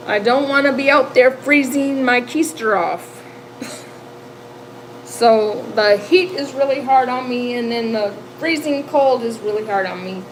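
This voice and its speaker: On her livestream, this Midwestern woman in her fifties chats casually with viewers, getting emotional, laughing often and repeating words. Her voice is a little high, her pace slow with frequent pauses, and the low-quality recording carries a little hiss or hum.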